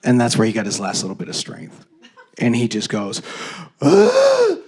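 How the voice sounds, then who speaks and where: A man in his thirties from Canada performing a stand-up comedy set on stage into a handheld mic, telling stories in an animated way. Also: lowish voice, brisk, breathy edge. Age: 30s. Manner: animated storytelling, jumps into loud acted-out voices.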